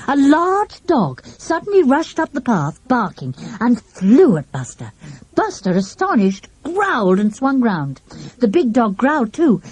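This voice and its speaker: A woman reading a children's mystery aloud in a lively, expressive storybook style. Her voice is mellow and slightly husky, and her pitch moves a great deal. The recording is close-miked and dry. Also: no room sound. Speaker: audiobook narrator. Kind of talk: storybook narration.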